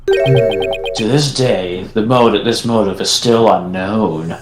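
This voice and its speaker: A man reading game dialogue aloud in a measured, slightly formal way for a casual fan dub. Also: lowish voice. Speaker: player voicing game dialogue. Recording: echoey room with game music.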